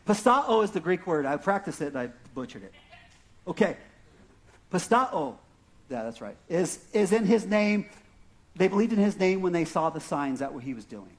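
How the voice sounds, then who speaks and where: A man's voice: high voice, animated, a little fast. A man preaching a sermon in a conversational, self-deprecating way, often checking in with "right?" and "okay?", with an Arizona accent. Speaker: pastor.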